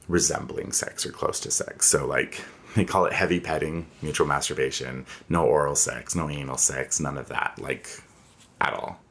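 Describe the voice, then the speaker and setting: Deep-voiced man in his thirties, candid and reflective, interview storytelling. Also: a bit bright. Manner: candid, reflective, with frequent fillers. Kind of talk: personal storytelling.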